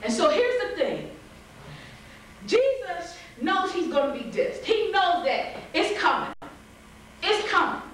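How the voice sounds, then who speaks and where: High-voiced woman preaching in an echoey hall. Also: slow pace, pauses often, far from the mic, a little hiss or hum. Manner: lively, acts out voices, laughs often, calls to the congregation. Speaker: pastor. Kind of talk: sermon.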